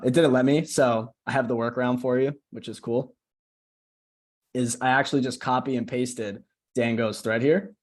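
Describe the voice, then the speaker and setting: A man coaching a group over a video call, his voice sitting at an ordinary middle pitch. He keeps things loose and chatty, tossing in "right?" again and again and restarting half-finished phrases as he walks through his screen. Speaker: marketing coach. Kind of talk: casual screen-share tutorial.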